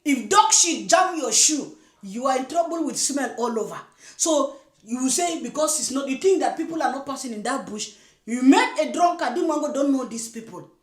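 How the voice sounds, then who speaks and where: A woman's voice: high-pitched, roomy sound. A woman giving a scolding, preachy reaction commentary. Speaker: commentary vlogger. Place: lives in Germany.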